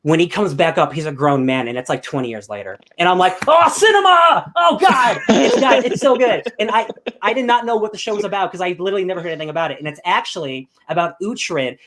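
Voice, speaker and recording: A young man hosting a podcast, chatting casually in an excitable, rambling way with bursts of loud enthusiasm. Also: fairly high pitch. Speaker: podcast host. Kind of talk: casual chat.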